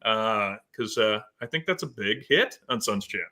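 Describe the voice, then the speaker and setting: A man hosting a laid-back sports podcast, his voice sharp and very bright. He jokes around with his co-hosts and laughs easily. The talk is loose and conversational. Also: lowish voice, lively intonation, unhurried. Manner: laughs often, teasing. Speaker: podcast host. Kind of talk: casual sports chat.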